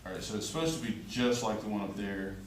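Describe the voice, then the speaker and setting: A man's voice: lowish voice, expressive, quick pace. A male art teacher, chatty and joking as he demonstrates a drawing and checks in with his class. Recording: echoey classroom from far off, faint room noise.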